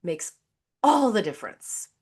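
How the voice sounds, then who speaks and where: A woman guest, a therapist, giving conversational advice in an animated way and acting out the voices she quotes. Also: mid-range voice, a little slow, breathy edge. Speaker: psychotherapist guest.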